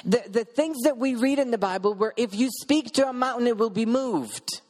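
A man's voice: very high voice, lively intonation, normal speed, a little mellow, big-room sound. A man preaching a sermon, earnestly telling a personal story in vivid present tense. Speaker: preacher sharing a testimony.

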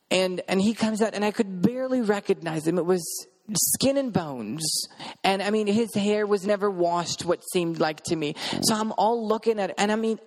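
A man preaching a sermon and telling a testimony, emphatic, repeating his words and asking the audience questions. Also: high-pitched.

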